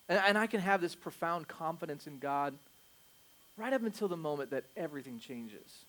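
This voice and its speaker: A pastor in his thirties delivers a conversational sermon in a fairly high, expressive voice at a brisk pace. He swings between quiet asides and loud, emphatic bursts, throwing in self-deprecating jokes.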